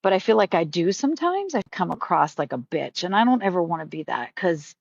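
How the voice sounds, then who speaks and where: A woman's voice: on the low side, sing-song, fairly quick, creaky, no echo, dull audio. A middle-aged woman hosting a live stream, talking candidly in a rambling way, with frequent swearing and restarts. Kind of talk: casual live-stream chat.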